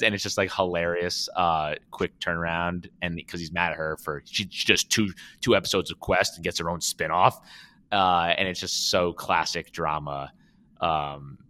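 Podcast co-host, man, low voice, bright tone, enthusiastic retelling. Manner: enthusiastic, acts out quoted lines. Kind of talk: casual chat.

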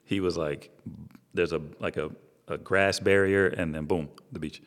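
A middle-aged man with a very deep, low voice tells stories in a relaxed, profane way, forever tossing in "you know what I'm saying". The room adds a long, lingering reverb. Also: normal speed. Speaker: barber, guest. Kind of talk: casual storytelling chat.

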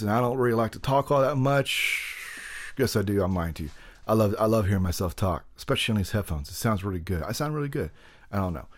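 Rambling, jokey man hosting a podcast. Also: medium pitch. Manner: rambling, jokey, self-deprecating asides. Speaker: podcast host. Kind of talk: casual rambling podcast monologue.

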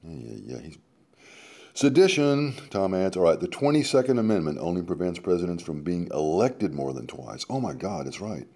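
A man's voice: low voice, very animated, moderate pace, dark tone. A man hosting a radio show, reading a column aloud and breaking in with sarcastic asides, dramatic and swinging from emphatic to muttered. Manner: interjects sarcastic asides between quoted passages. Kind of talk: reading aloud with running commentary.

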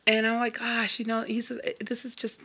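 A woman from Texas talking as a guest singer in a relaxed interview. Her voice sits a little high, and she tells her story earnestly, with many restarts and lively quoted lines. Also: moderate pace, husky. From Lubbock, Texas. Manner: animated, quotes others in a raised voice.

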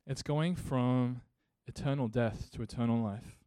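Earnest, mellow-voiced male pastor preaching. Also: medium pitch, measured pace, smooth, dry recording. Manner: earnest, building to emphatic rhetorical questions. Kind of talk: sermon.

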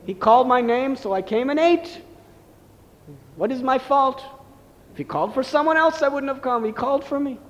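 A man doing a high-voiced mischievous little boy. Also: normal speed, fairly bright tone. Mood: innocent protest. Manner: high, teasing and innocent. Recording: long hall reverb.

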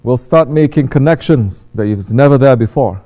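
A man giving a sermon as a religious teacher, acting out quoted voices and swinging between hushed and loud delivery. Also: mid-range voice, moderate pace.

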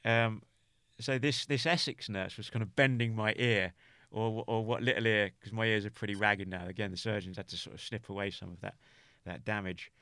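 Speaking as a podcast guest, a British man tells of a hard memory in a low voice that is sharp yet smooth, with fairly even intonation. The recording is dry and close, without room sound. He stumbles, restarts often, and leans on "you know" to find his words.

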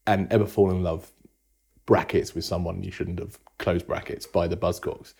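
A man's voice: low-pitched, level tone, moderate pace, gravelly, a little mellow. A man co-hosting a podcast in casual chat, jokey and enthusiastic, swearing now and then. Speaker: podcast co-host.

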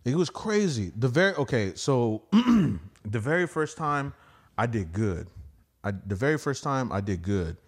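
A man at an ordinary male pitch, telling stand-up stories as a guest on a podcast. He swears freely and throws in "bro" and "dude" all the time. When he quotes other people, he acts out their voices in a lively way. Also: measured pace, husky. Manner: profane and slangy, peppered with "bro" and "dude". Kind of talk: casual storytelling.

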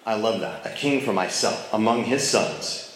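A man's voice: fairly low pitch, normal speed, fairly bright tone, a little hiss or hum. A man teaching a casual Bible study, talking conversationally and checking in with his listeners. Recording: very echoey room.

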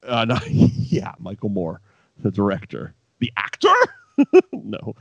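A man's voice: fairly low pitch, huge pitch swings, slow, gravelly, fairly bright tone, breathy edge, no room sound. A man co-hosting a podcast, chatting casually about old wrestling and rambling with profanity and laughing asides. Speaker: podcast co-host. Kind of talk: casual wrestling recap chat. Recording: dull lo-fi dry sound.

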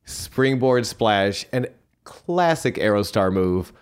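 A man's voice: on the low side, expressive, takes it slowly, clear, resonant tone. A man hosting a podcast in casual chat, recapping matches with laughs and rambling asides. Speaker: podcast host.

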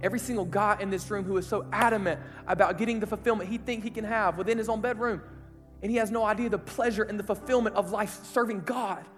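A man's voice: sits high, steady tone, quick pace. A man preaching a sermon to young people, casual and emphatic, with slang and rhetorical questions. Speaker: pastor. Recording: echoey hall, faint music behind.

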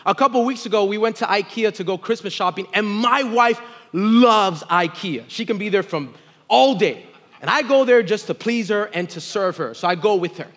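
Pastor, thirties man, very high-pitched, animated sermon storyteller, calls for congregation responses. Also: normal speed. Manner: storytelling preacher, swings from quiet to loud exclaiming.

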